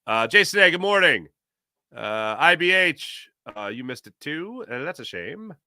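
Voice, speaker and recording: A man hosting a sports talk show, reading an ad and the live chat in a jokey, animated way. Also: a little high, a little slow, dry recording, studio quality. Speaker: podcast host.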